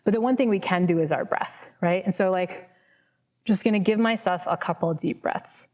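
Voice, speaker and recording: A woman professor, her mid-range voice darkish and moderately paced, takes a question from the room on a mic. The hall echoes as she rambles in a friendly, self-deprecating way, dropping plenty of "like" and "right?"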